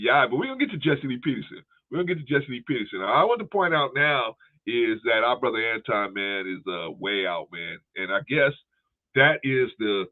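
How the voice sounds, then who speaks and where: A man hosting a livestream, giving casual commentary, laughing often and peppering his talk with "man" as he thanks viewers for donations. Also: medium pitch. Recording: tinny phone-like audio.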